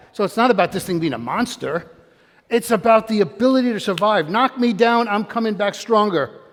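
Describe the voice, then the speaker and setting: Older guy, pretty high voice, pumped-up motivational talk, keeps quizzing the crowd, echoey hall. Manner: energetic, quizzes and calls out to the audience. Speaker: motivational speaker. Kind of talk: live motivational talk to an audience. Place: room with an audience. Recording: long hall reverb.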